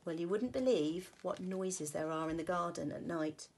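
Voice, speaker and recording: A woman teacher reading a picture book aloud to children, with slow, expressive storytelling. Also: on the low side, creaky, very noisy.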